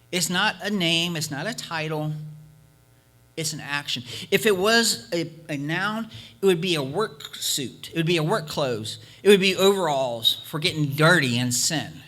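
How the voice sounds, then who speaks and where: A man's voice: on the high side, sharp tone. A male preacher giving an emphatic sermon, hammering points by repetition and telling a folk story. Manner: emphatic, repeating points for force.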